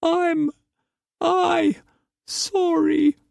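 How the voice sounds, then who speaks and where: A man voicing a frightened, fragile young woman who speaks in halting, tearful phrases in an audiobook. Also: extremely high pitch, little pitch movement, gravelly, a little mellow, dry recording, studio quality, voice pushed up, exaggerated voice. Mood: whimpering.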